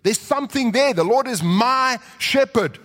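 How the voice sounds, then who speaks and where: Pastor guy preaching, high voice, gets loud and lively, big echoey church hall. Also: unhurried. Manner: animated preaching, rising to shouts, acting out quotes. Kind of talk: sermon. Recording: long reverb of a large hall.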